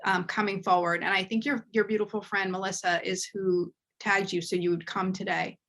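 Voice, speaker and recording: A woman giving a medium reading on a live show. She speaks earnestly and grows emotional as she passes on messages, at a middle pitch. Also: little pitch movement, moderate pace, a bit bright. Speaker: medium and host. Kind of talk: live spiritual reading chat.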